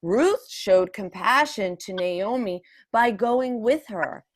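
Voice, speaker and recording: Slow-speaking woman giving a children's sermon. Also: mid-range voice, animated. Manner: slow, deliberate, warmly addresses her listeners as friends. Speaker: leader of a children's gathering.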